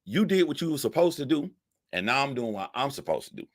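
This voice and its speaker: A man telling a profane comic story, animated and laughing, jumping up in pitch for emphasis. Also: fast, no room sound, clean studio sound. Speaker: comedic storyteller.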